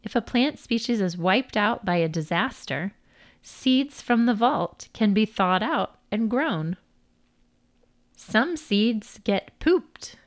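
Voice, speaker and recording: Slow, lilting woman storyteller. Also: medium pitch, lively intonation. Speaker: narrator. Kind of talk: children's storytelling and fact narration.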